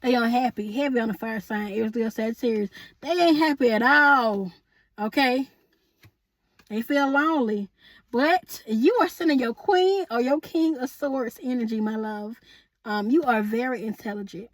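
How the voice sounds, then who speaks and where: Woman, tarot reader, high voice, dry close sound, sassy and chatty, laughs a lot. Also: moderate pace, no room sound. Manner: sassy, chatty, calls viewers honey and boo; laughs often, asks spirit aloud. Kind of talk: casual tarot reading to viewers.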